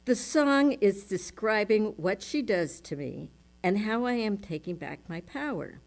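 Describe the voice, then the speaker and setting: Brief: female speaker at a spiritual service, slow measured reading, mid pitch. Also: animated. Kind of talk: reading aloud to a congregation.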